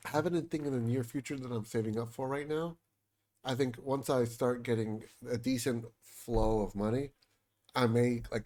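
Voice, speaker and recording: A man's voice: mid-range voice, warm tone. Chatty male game streamer. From United States. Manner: chatty, joking with chat, reads game lines aloud. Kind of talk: casual gameplay commentary, reading dialogue aloud.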